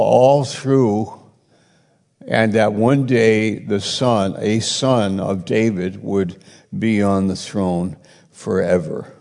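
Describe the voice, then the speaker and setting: A man preaching a sermon and teaching from the Bible, rambling and correcting himself as he retells stories with rising excitement. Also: lowish voice, vocal fry. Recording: long hall reverb.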